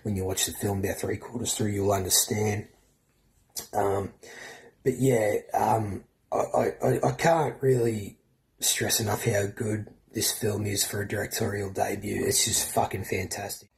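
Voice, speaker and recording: Man, australian accent, low-pitched voice, casual film review, swears freely. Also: little pitch movement, unhurried, gravelly. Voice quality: swears freely, loose and chatty. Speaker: podcast co-host.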